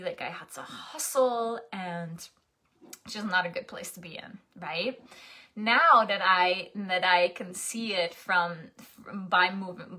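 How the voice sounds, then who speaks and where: A woman's voice: mid-range voice, pushed and bright. A young adult woman coaching in a casual, chatty monologue, often restarting and asking "right?".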